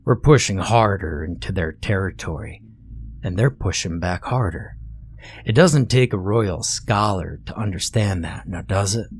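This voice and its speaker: A man voicing a big, bearded frontier man with a gruff, deep voice who talks bluntly and folksy. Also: a little slow, a little hiss or hum.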